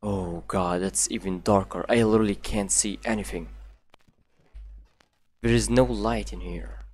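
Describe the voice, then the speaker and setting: A man's voice: lowish voice, fairly even intonation, measured pace, darkish tone. A man commentating as he plays a horror game, thinking aloud, talking to himself and swearing often, with phrasing. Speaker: gameplay commentator. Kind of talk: let's play commentary.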